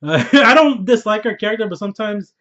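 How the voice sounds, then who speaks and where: A young man talks through a TV episode in a loose, excited monologue, swearing freely and laughing as he goes. His voice sits high for a man. The audio sounds a little dull and lo-fi. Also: brisk. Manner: animated, profane, laughing, slangy. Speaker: TV show reviewer. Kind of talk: excited casual review monologue.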